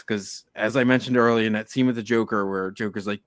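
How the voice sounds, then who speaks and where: A man's voice: fairly low pitch, fairly even intonation, fairly quick, few pauses, no room sound. A man co-hosting a casual podcast, telling heartfelt stories and acting out quoted lines. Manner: earnest storytelling, acts out quotes. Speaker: podcast co-host.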